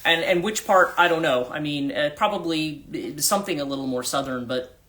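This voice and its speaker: A woman's voice: deep voice, normal speed, fairly bright tone. A woman from the USA with a mixed central New Jersey and British accent, chatting casually as a life coach on a livestream, rambling with many restarts and fillers. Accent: mix of central New Jersey and British.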